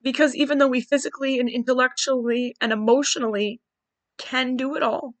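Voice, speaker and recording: A woman's voice: high voice, fairly even intonation, fairly quick, no echo. A woman in her forties hosting a podcast, candidly thinking aloud in a searching, wry monologue. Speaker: podcast host. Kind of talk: personal reflective monologue.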